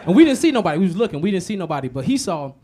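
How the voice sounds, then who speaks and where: A man with a fairly high voice performs stand-up comedy. He tells profane, animated stories full of repetitions and drops into low, muttered asides before loud punchlines. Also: rapid-fire, slight background noise.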